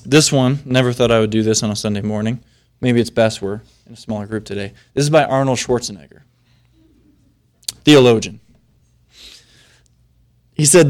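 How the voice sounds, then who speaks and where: A man's voice: mid-range voice, normal speed, a little mellow, smooth. A man preaching a Sunday sermon in a conversational way, building to emphatic stress on key lines. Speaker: pastor.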